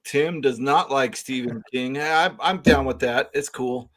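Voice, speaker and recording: A man's voice: medium pitch, measured pace, fairly bright tone. A man hosting a casual online chat about books, joking and rambling. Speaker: podcast host.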